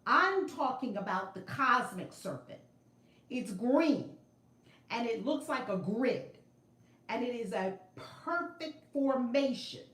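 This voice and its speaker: Emphatic woman in an echoey room. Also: on the high side. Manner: animated, emphatic, repeats phrases. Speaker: spiritual vlogger. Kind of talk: casual livestream storytelling. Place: home room with altar and shelves. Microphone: phone camera.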